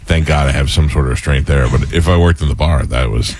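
A man hosting a casual talk show, telling animated stories with laughter. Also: extremely low pitch, brisk, background noise. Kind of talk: casual storytelling chat.

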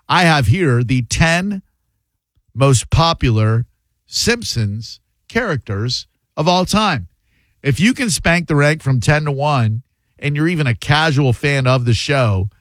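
A man hosting a call-in radio show, chatting in a casual, animated way with quick asides. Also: medium pitch, dry recording.

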